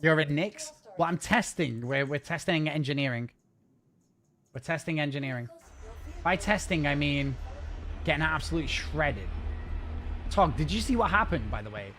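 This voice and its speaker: A man from the north of England with a northern English accent, chatting casually and jokily on a gaming livestream, talking fast with frequent restarts. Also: medium pitch, fairly bright tone, a little hiss or hum. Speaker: streamer.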